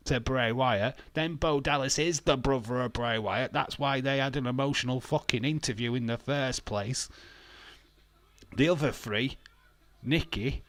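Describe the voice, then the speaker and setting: Male stream host, mid-pitch, dry close sound; blunt casual ranter who swears a lot and laughs. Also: no echo. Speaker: wrestling watch-along streamer. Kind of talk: casual ranting commentary.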